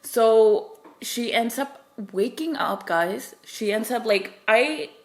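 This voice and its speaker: A woman's voice: fairly high pitch, lively intonation, slow pace. A woman casually recapping a novel's plot for viewers, rambling with lots of fillers and restarts and acting out the characters' lines. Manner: acts out characters' quoted lines. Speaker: book reviewer. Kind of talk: casual spoilery book recap.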